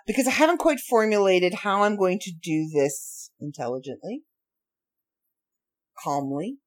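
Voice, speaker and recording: A woman hosting her own podcast from home late at night, ranting in a sarcastic way with slow, drawn-out emphasis. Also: mid-range voice, lively intonation. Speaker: podcast host. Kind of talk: ranty solo podcast monologue.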